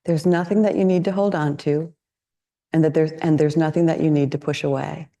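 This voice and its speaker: A woman's voice: low-pitched, steady tone, brisk, warm tone. A woman meditation teacher giving a dharma talk, reflective and candid, often asking questions.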